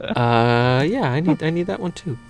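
A man's voice: a little high, expressive, normal speed, faint music behind. A man hosting a casual gaming podcast, laid-back and chatty while playing a board game. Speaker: podcast host and editor.

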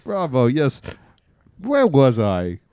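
A man's voice: medium pitch, wildly swooping pitch, slow pace, mellow, clean tone. A man playing a pompous, newly rich man with a drawling, affected posh delivery and half-British vowels in an improvised comedy sketch. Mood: smug.

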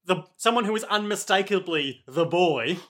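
A man co-hosting a casual recap chat, joking and throwing in quick asides. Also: high-pitched, expressive, a bit bright. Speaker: podcast co-host.

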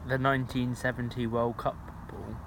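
A man's voice: medium pitch, level tone, moderate pace, a bit bright. Man, podcast co-host, dry teasing, casual chat, noisy pub background.

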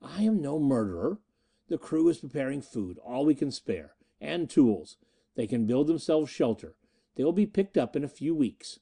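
A man voicing a sardonic, commanding male pirate captain with a rasping note in an audiobook. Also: medium pitch, sing-song, moderate pace, mellow, exaggerated voice.

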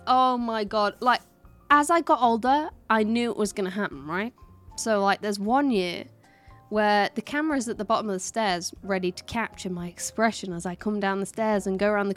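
A woman's voice: a little high, moderate pace, a bit bright, faint music behind. A young woman, co-hosting a casual chat and telling stories with lots of giggles. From England. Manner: chatty, giggly storyteller. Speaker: podcast co-host.

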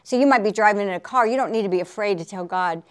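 A woman's voice: medium pitch, fast talker, clear, resonant tone. A woman preaching in a chatty, conversational way on a faith talk show, laughing often and asking for an Amen.

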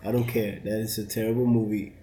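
A man's voice: on the low side, little pitch movement, fast, crowd noise. A man in a casual chat, speaking hesitantly and dryly. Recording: roomy echo.

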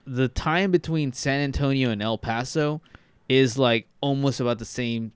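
A man's voice: mid-range voice, moderate pace, clear, resonant tone, no echo. A man from Texas, co-hosting a podcast, chatting casually and rambling with many fillers and restarts. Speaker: podcast co-host. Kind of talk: casual chat.

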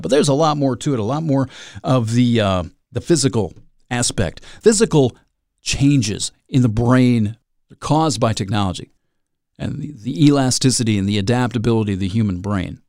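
A man's voice: mid-range voice, a little mellow, dry recording, studio quality. A man hosting a solo podcast, rambling and self-mocking with dramatic asides. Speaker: podcast host.

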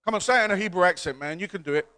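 A man preaching a sermon in a church with a high, bright voice. He coaxes the congregation to repeat after him and swells from easy talk to loud, fervent peaks. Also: very fast. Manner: call-and-response preaching, swelling to shouts. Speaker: pastor.

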